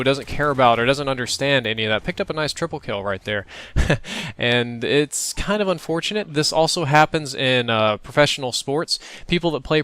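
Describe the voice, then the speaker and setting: A man's voice: medium pitch, fairly bright tone. A young man giving casual, reflective commentary over gameplay, talking in a conversational way. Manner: conversational, reflective, laughs now and then. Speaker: gaming commentator.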